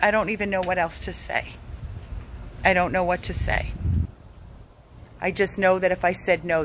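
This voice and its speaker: A woman's voice: lowish voice, fairly even intonation, normal speed, pauses often, a bit bright, a little hiss or hum. A woman who heads an animal rescue, making an urgent, emotionally drained donation appeal and pleading over and over. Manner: pleading, repeats herself, begging.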